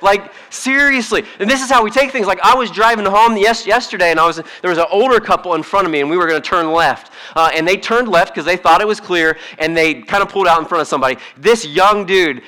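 A man preaching a sermon in a conversational, humorous way, swinging between hushed asides and emphatic points. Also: high voice, fast, few pauses. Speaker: pastor.

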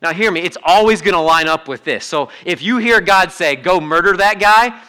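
A bright, forceful man's voice preaching a sermon in a church. He is middle-aged and pitched a little high, and he talks to the room in a conversational, animated way, slipping into quick acted-out asides. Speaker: pastor. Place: church sanctuary.

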